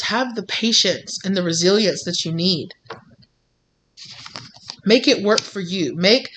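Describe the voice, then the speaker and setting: A woman reading tarot in a loose, chatty way, urging the listener on. Her voice is mid-pitched, and she circles back over her points with reassuring repetition. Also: fairly bright tone, a little hiss or hum. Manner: encouraging, repetitive, informal. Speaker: tarot reader.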